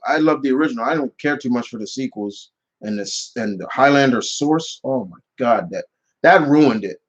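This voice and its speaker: A man's voice: fairly high pitch, dull audio. A man casually answering viewer questions on his channel, rambling with many restarts and fillers. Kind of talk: casual live Q&A chat.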